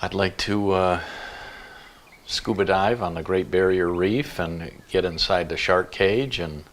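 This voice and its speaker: A man's voice: low-pitched, unhurried, slight background noise. A man co-hosting a livestream who chimes in with short, dry remarks. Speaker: co-host. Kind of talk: casual banter.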